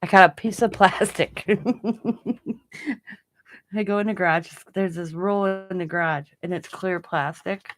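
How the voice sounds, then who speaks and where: A woman's voice: lowish voice, steady tone, normal speed, few pauses, low-quality recording. A woman hosting a casual crafting livestream from her home craft room, chatting in a rambling way and laughing often. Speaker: craft channel host.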